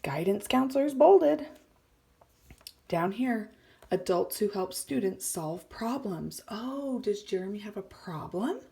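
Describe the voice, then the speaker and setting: A woman's voice: mid-range voice, expressive, slow pace, gravelly, warm tone. A woman teacher reading a story aloud to children, explaining words and often dropping to a whisper. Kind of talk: read-aloud lesson for children.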